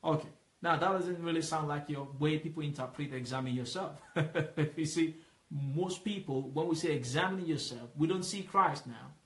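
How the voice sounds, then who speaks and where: A man leading a Bible study, explaining patiently and asking questions for the listener to fill in. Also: a little high. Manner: asks questions and lets the listener fill in the answer; explains patiently, repeating points slowly. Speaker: Bible teacher. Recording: roomy echo.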